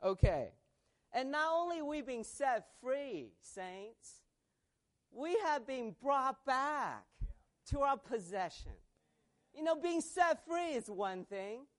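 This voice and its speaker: A woman preaching a sermon, reading scripture aloud and building from a measured delivery into emphatic proclamation. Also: sits high.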